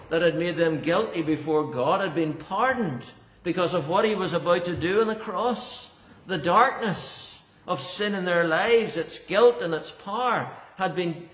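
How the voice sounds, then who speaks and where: A man's voice: high voice, a bit bright. A man preaching a sermon as pastor, earnest and emphatic, often repeating words for stress. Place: church. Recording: echoey church hall.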